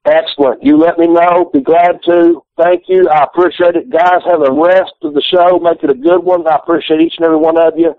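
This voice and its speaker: A man's voice: a little high, fairly even intonation, fairly quick, few pauses, no echo. A man with a Southern US accent, a wrestler calling in from his living room, rambling and swearing as he jokes. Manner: profane, rambling, joking. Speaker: guest wrestler. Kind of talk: phone-in interview. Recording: phone line.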